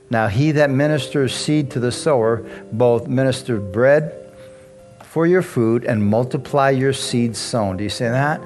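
Man, pastor, casual storytelling sermon, mid pitch, soft guitar music behind. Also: normal speed. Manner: chatty storytelling preacher, laughs often, animated asides.

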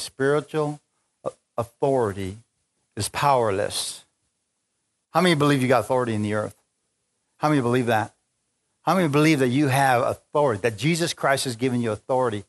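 Man, preacher, spontaneous sermon, fervent, swings from low murmurs to high exclamations. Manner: fervent, rising to exclamations and calls to the congregation. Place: large church with a congregation.

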